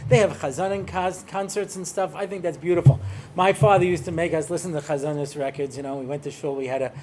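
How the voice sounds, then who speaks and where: A man's voice: on the high side, steady tone, quick pace, a little mellow, slight background noise. An American man, a rabbi, giving a humorous talk to an audience, telling stories and acting out bits for laughs. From United States. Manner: joking storyteller, acts out cantors and voices.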